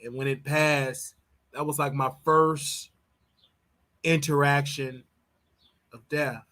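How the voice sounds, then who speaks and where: A man from Chicago hosting a show, giving animated, opinionated commentary on celebrity gossip and often repeating and restarting his words. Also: a little high. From Chicago, United States. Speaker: show host.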